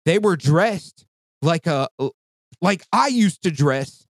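Man, thirties, podcast host, swearing, ranting, fairly high voice, dry sound. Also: lively intonation, takes it slowly, no echo. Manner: profane, heated ranting storyteller. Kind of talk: casual chat.

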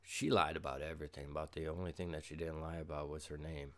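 A man in a casual monologue, ranting with profanity and sarcasm, quiet at first and then growing loud and heated. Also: rumbling low, little pitch movement, a little fast.

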